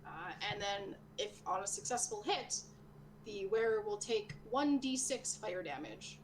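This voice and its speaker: A woman runs a tabletop game session, narrating scenes in a loose, relaxed way with lots of fillers. Her pitch sits in a middle range, and a faint hiss lies under her voice. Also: a little slow. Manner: casual, filler-heavy, relaxed. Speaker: game master.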